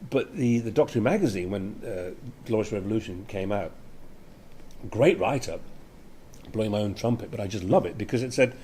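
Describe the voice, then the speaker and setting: An older actor telling anecdotes in a chatty interview, laughing often. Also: male voice, fairly low pitch, animated, a little fast, dark tone, slight background noise.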